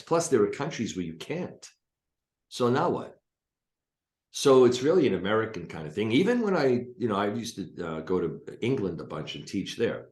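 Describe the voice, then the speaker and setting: A man's voice: lowish voice, darkish tone, reverberant. A male hypnotist and coach, a guest talking on a video call from his office, explaining things emphatically with blunt asides. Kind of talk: casual spoken teaching.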